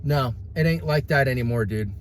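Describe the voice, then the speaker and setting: A man's voice: medium pitch, moderate pace, slight background noise. A man ranting to his followers in a blunt, casual way, calling people bro and dude and praying aloud. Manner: preachy, prays aloud. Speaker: vlogger. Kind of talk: impassioned rant to followers.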